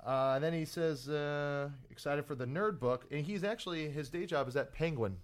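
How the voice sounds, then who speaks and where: A man in his twenties co-hosting a casual podcast chat, rambling and filling pauses with uh and um. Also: a little high. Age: 20s. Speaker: podcast co-host.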